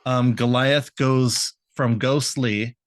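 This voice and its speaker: A man's voice: medium pitch, fairly even intonation, slow pace, no room sound, clean studio sound. A man co-hosting a podcast, recapping a cartoon episode in a rambling, laughing way, swearing and acting out lines. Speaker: podcast co-host.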